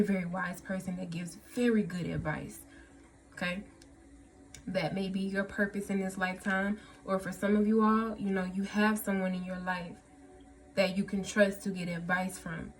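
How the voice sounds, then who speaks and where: Effusive woman tarot reader. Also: medium pitch. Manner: effusive, emotional, keeps adding "okay?" and "y'all". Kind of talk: casual tarot reading to viewers.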